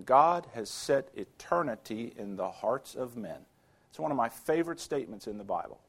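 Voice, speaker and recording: A man preaching a sermon to students, telling stories and rising to emphatic exclamations. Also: mid-range voice.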